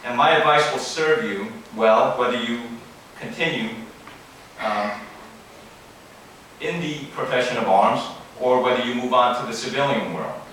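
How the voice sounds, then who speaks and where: A man's voice: mid-range voice, measured pace, a bit bright, a little hiss or hum. A man in his forties giving a formal keynote speech at a banquet, earnest and advising, with asides and self-corrections. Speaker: keynote speaker. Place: large banquet hall. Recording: very echoey hall, distant mic, faint room ambience.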